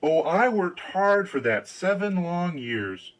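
An eager, naive young fellow from a storybook, as a male reader puts him on, pitched well up and swinging lively through each line. He sounds simple and cheerful, easily pleased by everything. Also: takes it slowly, heavily acted, rough recording.

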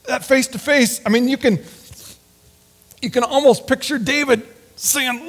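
A man preaching a sermon in an earnest, halting way, often restarting his sentences. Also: very high-pitched, fairly even intonation. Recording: long hall reverb.

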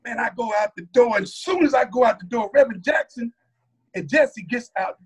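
A man, a mosque captain, giving a personal testimony as a lively, colloquial story, acting out what others said. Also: very high-pitched, fairly quick, slightly rough. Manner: animated, colloquial, acts out other people's lines.

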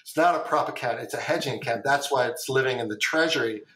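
In an echoey room, a middle-aged man who used to be a trader tells long, meandering stories as a podcast guest, looping back on phrases and dropping casual swear words. His voice sits at medium pitch, moves fast and has a fairly bright tone.

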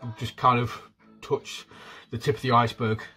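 Guy hosting a chat podcast, laid back, lots of uhs and ums, mid pitch. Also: normal speed, faint music behind, rough recording. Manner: relaxed, filler-heavy, upbeat intros. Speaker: podcast host. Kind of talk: casual wrestling podcast chat.

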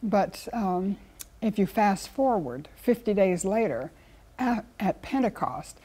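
A woman's voice: mid-range voice, expressive, slow pace, warm tone, slightly rough. A woman, a guest Bible teacher speaking in an earnest, conversational teaching style. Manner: earnest, storytelling with acted quotes.

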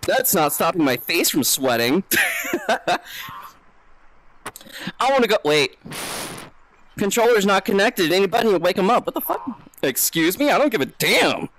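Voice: medium pitch, wildly swooping pitch, measured pace, pauses often, fairly bright tone, slight background noise, rough recording. A streamer chatting casually and hyperactively on a live VR stream, swearing freely. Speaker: VTuber streamer. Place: home setup, playing VR. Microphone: VR headset setup.

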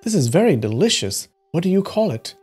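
A man voicing a foolish, stubborn husband in a folktale reading, his voice jumping high and low. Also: sing-song, a little fast, a little mellow, husky, faint music behind, exaggerated voice. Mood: eager. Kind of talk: storybook reading.

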